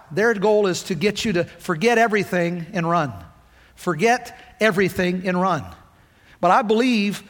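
A man's voice: high-pitched, a bit bright. A middle-aged man preaching a sermon with emphatic, rousing call-and-response delivery. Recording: long hall reverb.

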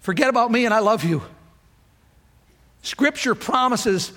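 Rousing high-voiced male preacher in a hall. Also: expressive, a little slow, a bit bright. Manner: emphatic, rousing call-and-response. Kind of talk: sermon. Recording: long hall reverb.

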